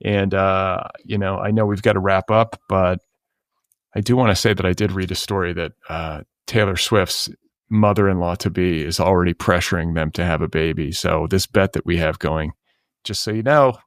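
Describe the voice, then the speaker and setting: A man's voice: low voice, steady tone, moderate pace, dry recording, studio quality. A middle-aged man co-hosting a podcast in casual chat, wry and rambling with lots of filler words. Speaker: podcast co-host.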